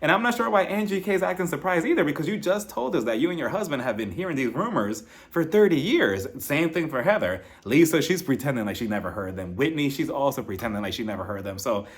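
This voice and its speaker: Man, reality TV recap host, casual commentary, lively pitch, slightly high voice, acts out quotes. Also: quick pace, few pauses. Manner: animated, laughs often, acts out quotes.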